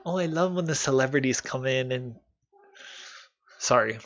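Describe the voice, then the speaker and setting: Reacting to a video on his live stream, a man offers candid, sarcastic remarks, laughs frequently, and slips into mocking voices. His voice is medium-pitched and fairly bright at a normal speed, over dull audio.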